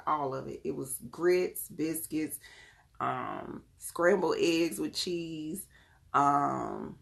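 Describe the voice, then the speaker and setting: A woman chatting casually and directly to her viewers, lively and often laughing as she talks. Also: sits low, creaky. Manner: talks straight to the audience. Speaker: wellness vlogger.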